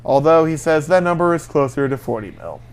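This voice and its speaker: A man co-hosting a casual chat show reads celebrity headlines aloud. His voice is smooth and clear, sitting a bit high for a man. He trips over numbers and talks himself through the math. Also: animated, brisk. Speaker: news-reading co-host. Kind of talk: casual entertainment news chat.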